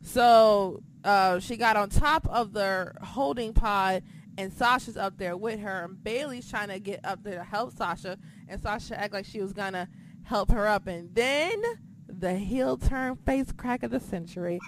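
A woman hosting a podcast, recapping in casual chat, excitable and profane, swinging between shouting and muttering. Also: mid-range voice, measured pace, a little hiss or hum. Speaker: podcast host.

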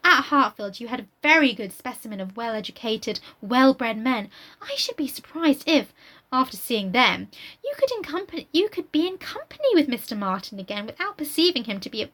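A woman reading a classic novel aloud, voicing a haughty, superior young lady in prim, drawn-out period diction. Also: a little high, very animated, pushed and bright, full character voice. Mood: disdainful.

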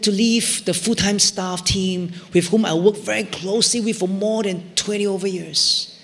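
A middle-aged man preaching in a church hall, his voice high and bright. He swings between loud, fervent peaks and hushed whispers, and a long reverb trails behind every phrase. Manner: emotional storytelling, rising to near shouts in retold prayers, dropping to whispers. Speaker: pastor. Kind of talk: sermon.

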